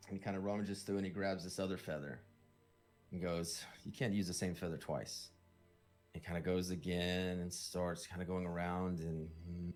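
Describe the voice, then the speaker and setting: A man narrating a tabletop game as game master, with loose, filler-heavy description. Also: deep voice.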